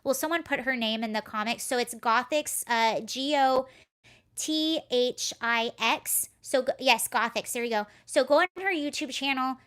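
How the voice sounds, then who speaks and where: A woman's voice: sits high, moderate pace, a bit bright. A woman hosting a live stream from home, rambling casually, telling a story and reading comments from chat. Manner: chatty, rambling, reads chat aloud. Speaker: livestream host.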